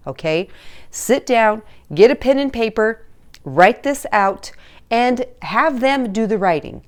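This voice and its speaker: A woman's voice: medium pitch, a little mellow, clear, resonant tone. A woman who works as a teen relationship coach, giving casual, chatty advice straight to the camera and checking in with parents with "all right?" and "okay?".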